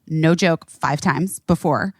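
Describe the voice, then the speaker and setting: A middle-aged woman hosting a podcast, telling a story in casual chat, animated and swearing freely. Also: low-pitched, takes it slowly, breathy edge, no room sound, studio quality. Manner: animated, swearing, acts out quotes. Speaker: podcast host.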